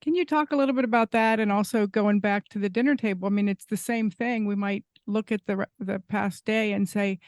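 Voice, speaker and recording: Woman, podcast host, reflective, halting, fillers, dry close sound. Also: mid-range voice, steady tone, dry recording. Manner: thoughtful, hesitant, slow, with fillers. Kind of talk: conversational interview.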